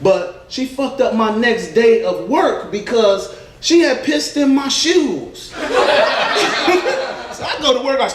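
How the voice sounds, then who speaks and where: A man doing stand-up comedy, telling profane stories in an animated way and laughing at his own jokes. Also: very high-pitched, takes it slowly, slight background noise. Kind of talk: stand-up storytelling. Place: comedy club stage. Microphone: stage mic. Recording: echoey club from a distant mic. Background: audience laughter.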